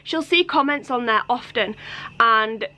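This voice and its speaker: A woman's voice: fairly high pitch, measured pace, pushed and bright. A woman, talking to camera in a casual vlog, exasperated and emphatic, laughing between points. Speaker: family vlogger.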